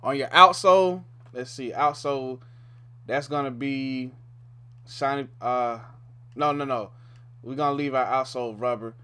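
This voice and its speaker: A man's voice: mid-range voice, unhurried, bright, forceful tone, clean tone. Chill young dude walking through a game menu, lots of ums, keeps saying man. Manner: laid-back, says "man" often, thinks aloud with ums. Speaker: gaming YouTuber. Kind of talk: casual game tutorial commentary.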